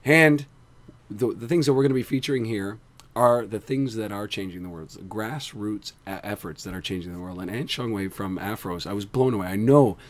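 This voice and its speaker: A hoarse man hosting a tech show, bantering in an animated, self-deprecating way. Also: on the low side, fairly quick. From Canada. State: hoarse from screaming. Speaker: podcast host.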